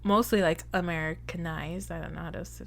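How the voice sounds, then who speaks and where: A woman's voice: lowish voice, fairly even intonation, brisk, fairly bright tone. Chatty, rambling woman podcast co-host. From Arizona. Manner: chatty, rambling with many fillers. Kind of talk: casual chat.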